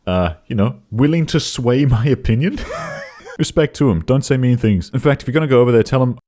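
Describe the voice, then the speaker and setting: A young man giving sarcastic comedic commentary on videos, breaking into high yelling outbursts. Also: lively intonation, a little fast. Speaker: YouTube commentator.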